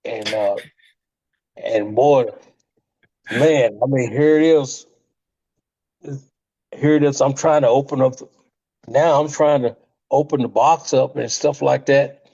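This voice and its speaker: An older man, a retired wrestler, tells stories in an interview with a gravelly, mellow voice that sits a bit high for a man. He laughs often and restarts his sentences. The audio sounds slightly muffled. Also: takes it slowly, pauses often. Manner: animated storyteller, frequent laughs and restarts. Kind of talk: storytelling interview.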